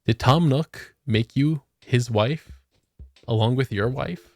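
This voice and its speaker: Playing a game on stream, this man jokes around with his chat and swears a lot in casual gameplay talk. He has a mid-range voice and takes things slowly. There's no echo, just soft music in the background.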